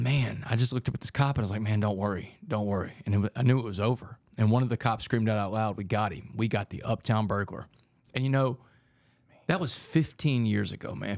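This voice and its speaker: A man tells his story as a podcast guest, animated and fast-paced. His speech is rapid and energetic, and he keeps slipping in "man". The recording is dry and close, with no room sound. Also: lowish voice, vocal fry, no echo. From Texas, United States. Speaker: podcast guest, author and speaker. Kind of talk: storytelling in a casual podcast interview.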